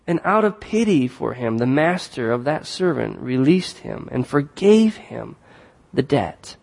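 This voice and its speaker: Joking preacher in a reverberant hall. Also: male voice, on the high side, lively intonation, measured pace, gravelly, darkish tone. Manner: conversational, jokes and self-corrects. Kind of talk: sermon.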